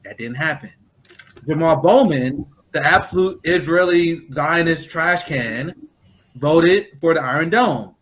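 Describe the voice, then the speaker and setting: A man's voice: on the high side, a little slow, fairly bright tone, a little hiss or hum. Profane Midwestern man hosting a roundtable. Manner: blunt, profane, rambling with restarts. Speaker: roundtable host. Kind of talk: casual political chat.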